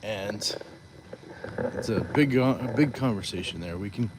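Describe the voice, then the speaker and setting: The background is noisy as this man streams outdoors during a walk. His voice sits on the lower side and he takes his time, reading viewers' comments in a lighthearted, talkative manner.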